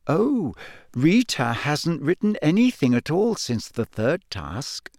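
A man reading aloud and voicing a clever, eager teenage schoolgirl who speaks briskly and knowingly. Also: fairly high pitch, big pitch swings, dry recording, clean studio sound, voice pushed up.

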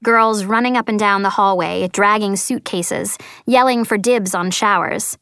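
A woman's voice: medium pitch, a little slow, a bit bright, clear, resonant tone, no echo, studio quality. A woman reading a first-person story as an audiobook narrator, earnest and lightly voicing the dialogue.

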